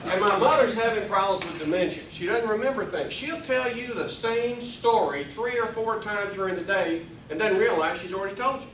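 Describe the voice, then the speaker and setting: A man's voice: sits high, fairly quick, hardly any pauses, a bit bright, slight background noise. A middle-aged man giving a humorous speech to an audience, telling a family story with timed punchlines. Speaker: speaker. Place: room with a live audience. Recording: echoey hall, mic at a distance.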